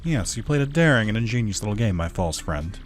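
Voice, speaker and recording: A man voicing a pompous, self-assured male detective in a video game, in a smug, drawn-out manner. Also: fairly low pitch, very animated, faint music behind.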